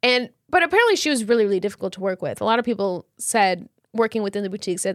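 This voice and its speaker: A woman's voice: medium pitch, animated, fast talker, few pauses, no room sound, studio quality. A woman co-hosting a podcast, telling a story in casual chat with slang and lots of fillers. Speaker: podcast co-host.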